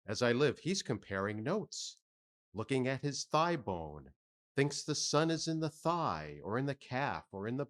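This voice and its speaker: A man voicing a jovial middle-aged sailor who muses aloud with folksy asides. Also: medium pitch.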